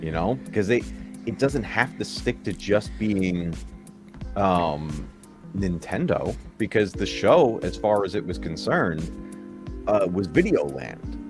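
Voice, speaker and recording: A man with a very low, deep voice hosts a casual live stream. He talks in a rambling, nostalgic way, chuckling as he goes. Music plays clearly behind him. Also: big pitch swings, slow pace. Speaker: stream host. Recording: music playing under the voice.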